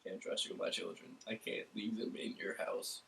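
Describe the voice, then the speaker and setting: A man's voice: on the low side, little pitch movement, moderate pace, fairly bright tone, poor audio. A man co-hosting a casual podcast chat, ranting and swearing in exasperation. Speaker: podcast co-host.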